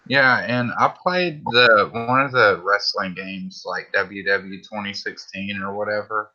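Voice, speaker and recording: A man's voice: lowish voice, measured pace, bright, forceful tone, muffled recording. A man with a Southern US accent chatting casually on a livestream, laid-back and swearing freely.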